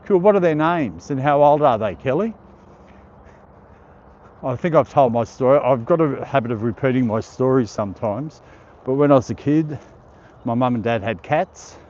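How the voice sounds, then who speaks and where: A man's voice: medium pitch, expressive, moderate pace, a little mellow, muffled recording. A middle-aged Australian man hosting a casual live stream outdoors, reading viewer comments aloud and laughing often. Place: outdoor park.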